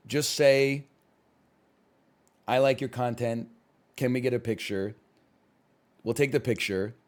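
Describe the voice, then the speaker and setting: A man streaming live, chatting casually while he plays a game, rambling and often rising to loud outbursts. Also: medium pitch.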